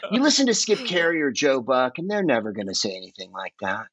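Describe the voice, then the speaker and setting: A man's voice: medium pitch, wildly swooping pitch, quick pace, crowd noise, low-quality recording. A man from the Bay Area chatting as a podcast guest, rambling and emphatic, swearing freely. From San Francisco Bay Area. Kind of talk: casual conversational storytelling.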